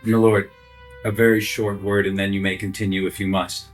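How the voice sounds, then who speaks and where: A man's voice: lowish voice, little pitch movement, normal speed, faint music behind. A man playing a tabletop game, speaking formally and deferentially in character. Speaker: player.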